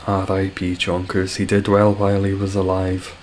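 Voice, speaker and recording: Scottish guy on a live stream, low voice, chill and sweary, reading chat out. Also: monotone, normal speed, a little mellow, a little hiss or hum. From Scotland. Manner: laid-back, swears casually, reads chat aloud and chuckles.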